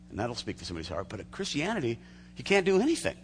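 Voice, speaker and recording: A man preaching a sermon as a pastor, telling stories in an animated way with restarts and laughter. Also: mid-range voice, racing, long reverb tail, slight background noise.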